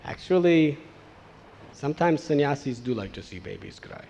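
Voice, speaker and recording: A man's voice: mid-range voice, normal speed, creaky, slight background noise, poor audio. Man telling a devotional story in a sermon. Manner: animated storytelling, acting out quoted voices. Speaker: spiritual teacher.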